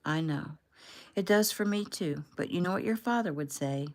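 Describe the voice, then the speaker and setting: A woman's voice: fairly low pitch, moderate pace, natural voice. A woman reading as a doting, overjoyed mother. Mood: tender. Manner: tender, doting. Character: loving middle-aged mother, overjoyed, tender.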